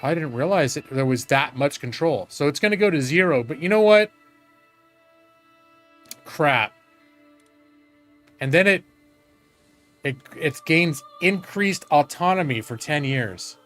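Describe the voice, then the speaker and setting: A man's voice: on the high side, expressive, a little slow, long pauses, fairly bright tone, soft background music. A man casually commenting while he plays a strategy game live, swearing now and then and talking to his chat. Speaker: streamer playing a strategy game.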